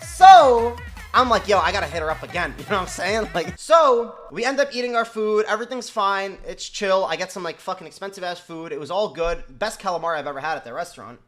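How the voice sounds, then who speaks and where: A young man tells his stream a casual story, talking fast and slangy, swearing, acting out the people involved in their voices, and repeating "you know what I'm saying." His voice is high-pitched, animated, and sharp, with faint music behind it.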